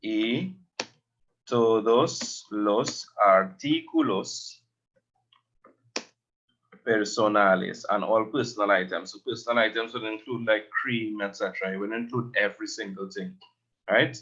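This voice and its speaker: A man teaching a language lesson, slowly explaining words and repeating them. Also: on the low side, steady tone, pushed and bright, dull audio.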